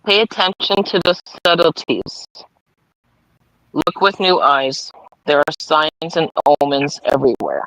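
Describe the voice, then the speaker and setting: A man with a fairly high, light voice reads card messages on a live stream, unhurried and careful. The sound is dry and close, with no room around it. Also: expressive, fairly bright tone, no room sound, poor audio. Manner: slow, deliberate card reading with slips and apologies. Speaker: livestream co-host reading cards. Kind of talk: casual live chat, reading affirmations.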